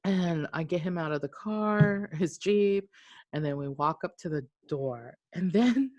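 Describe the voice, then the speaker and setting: A woman co-hosting a podcast, telling a long story in a casual way. She is animated, acts out what people said, and swears freely. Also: on the low side, slow pace, no echo. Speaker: podcast co-host.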